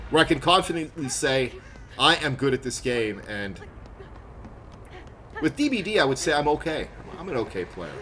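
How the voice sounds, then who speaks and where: A man from Canada, chatting excitably on a live gaming stream, laughing often and loudly greeting viewers. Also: mid-range voice, slight background noise.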